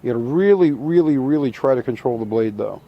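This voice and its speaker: A middle-aged man calmly demonstrating a hands-on craft step by step, methodical and repetitive with a touch of dry humor. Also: medium pitch, brisk, highs cut off. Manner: calm, methodical, repeats instructions, dry humor. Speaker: taxidermy instructor.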